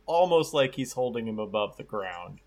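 A man playing a tabletop game, speaking in a hesitant, halting way. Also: lowish voice, lively intonation, darkish tone. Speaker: player. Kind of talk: casual tabletop play.

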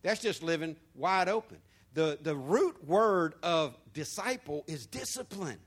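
A male pastor preaching a sermon, moving between quiet asides and loud, emphatic points. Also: fairly high pitch, a little slow. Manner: lively preaching with swings from soft to loud.

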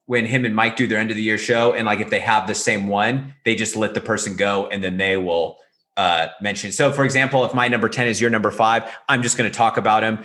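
A man co-hosting a podcast in casual chat, animated, talking in rapid bursts with many fillers. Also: fairly low pitch. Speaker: podcast co-host. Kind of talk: casual chat about martial arts films.

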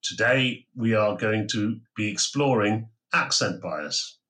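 Low-voiced male podcast host. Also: takes it slowly, pushed and bright. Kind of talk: scripted podcast introduction.

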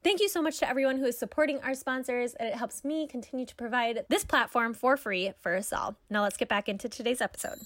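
A podcast host reading a sponsor message with upbeat enthusiasm. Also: female voice, a little high, fast talker, few pauses, fairly bright tone, dry recording. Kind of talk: sponsor read.

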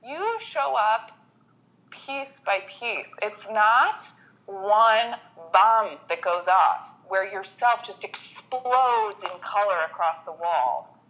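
A woman's voice: mid-range voice, takes it slowly, low-quality recording. A woman guest in a casual interview, telling her story with feeling and acting out what people say. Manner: emotional, animated storytelling with acted-out quotes.

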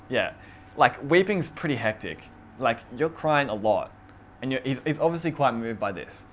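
A man leading an informal Bible study, teaching in a relaxed, chatty way with many fillers. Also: mid-range voice, slight background noise. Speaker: youth group or Bible study leader. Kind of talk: casual conversational teaching on scripture.

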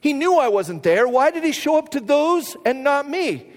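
A preacher playing a sulky, sarcastic left-out disciple. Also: male voice, extremely high pitch, sing-song, moderate pace. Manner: sarcastic, aggrieved. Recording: long hall reverb.

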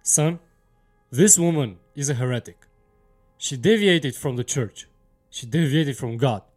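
A man's voice: mid-range voice, animated, measured pace, a little mellow, soft background music. A man playing a church council father who speaks solemnly and with authority in an audio drama. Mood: grave. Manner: solemn, commanding.

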